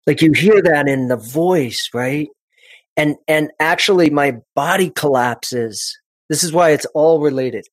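Guy coaching on presenting, slightly high voice, super expressive, keeps restarting sentences, dry close sound. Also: a little slow, no room sound. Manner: expressive, animated storyteller with frequent restarts. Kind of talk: conversational podcast interview.

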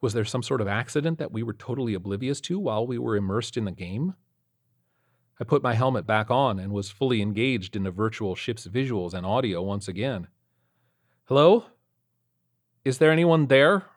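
Guy reading a creepy first-person horror story, lowish voice, tense build-up. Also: brisk. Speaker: narrator.

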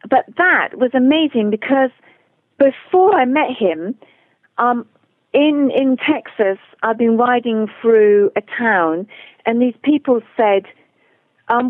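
A woman with an English accent, a guest author telling her riding adventures in a lively, animated way, acting out the people she quotes. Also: fairly high pitch, unhurried, no room sound. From England. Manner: animated storyteller who acts out quoted voices. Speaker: guest, author and long-distance horse rider. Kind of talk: casual storytelling interview. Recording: tinny phone line.

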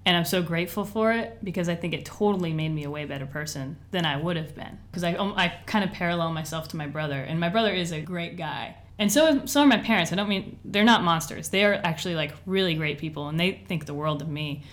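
A woman's voice: lowish voice, fast, hardly any pauses. Chatty young woman telling her story. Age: 20s. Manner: chatty, lots of "like" and "you know", laughs often. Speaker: interview guest. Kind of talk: candid personal storytelling.

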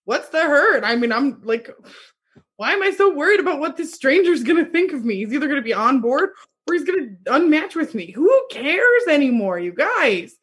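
A woman's voice: high voice, very animated, normal speed, a bit bright. A young woman co-hosting a podcast, animatedly retelling a dating story with acted quotes and laughter. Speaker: podcast co-host. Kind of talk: casual chat, storytelling.

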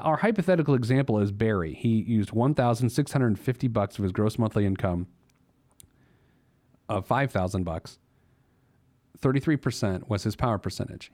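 A man's voice: on the low side, darkish tone. Playful man hosting a money podcast. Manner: playful, jokey, laughs at himself. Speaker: podcast host giving money advice. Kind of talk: casual monologue.

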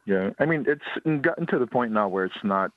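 A man, a ghost tour guide telling a ghost story on a radio interview in a steady, unhurried way. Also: mid-range voice, dry recording. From Hawaii. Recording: dry, tinny phone line.

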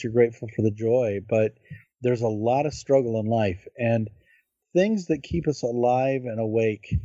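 Man, podcast co-host, casual film chat, rambling, lots of fillers, mid pitch, dull dry sound. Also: warm tone, no echo. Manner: rambling, with many filler words and restarts. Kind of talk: casual chat about films.

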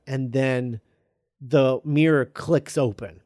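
A man casually retelling a film script as a podcast host, halting with lots of ums and uhs. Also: medium pitch, no room sound, studio quality. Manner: halting, full of ums and uhs, reads quoted lines flatly. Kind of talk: casual chat.

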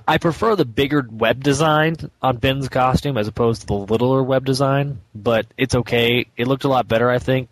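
An eager man co-hosting a casual comic book podcast, his voice sitting at an ordinary middle pitch. He stumbles and restarts often, laughing as he goes. He speaks with plain, easygoing enthusiasm. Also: no echo. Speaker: podcast co-host.

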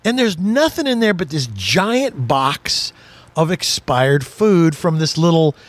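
Older man, radio host, jokey storyteller, high lively voice, dry close sound. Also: slow, dry recording. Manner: jokey, storytelling, laughs often. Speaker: radio car show host. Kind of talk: casual chat.

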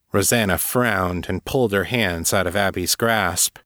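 A man narrating serial fiction in a measured, even reading. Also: low voice, no room sound, studio quality.

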